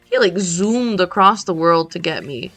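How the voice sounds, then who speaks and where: A woman's voice: on the low side, animated, a little slow, fairly bright tone. Rambling, jokey woman streamer. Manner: rambling, jokey, talks to chat. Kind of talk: casual gameplay chat. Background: faint game music.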